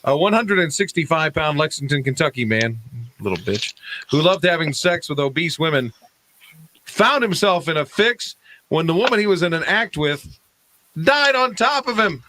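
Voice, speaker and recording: A male co-host on a radio show reads strange news items in a mock-serious tone, laughing between lines. His voice is bright and fairly high, with faint noise behind him. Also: expressive, moderate pace, rough recording. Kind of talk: joking news-story readout.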